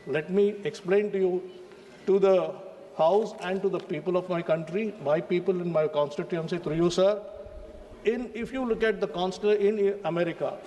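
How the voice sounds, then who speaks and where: A high-voiced man with an Indian English accent delivers an emphatic parliamentary speech and keeps turning to address the chair. His voice rings through a large chamber with a long reverb tail and a faint hum of ambience behind it. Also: darkish tone. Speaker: member of parliament.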